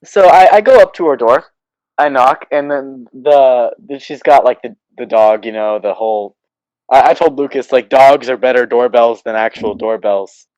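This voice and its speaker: A young man from Oklahoma, in his late teens, telling stories on a casual podcast, halting and restarting, then getting animated. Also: mid-range voice, clean tone, dry recording, poor audio. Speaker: podcast co-host.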